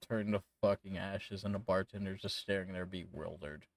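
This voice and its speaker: A man's voice: low-pitched, fairly even intonation, moderate pace, gravelly, no echo, poor audio. A man running a tabletop game as game master, narrating casually, laughing and swearing.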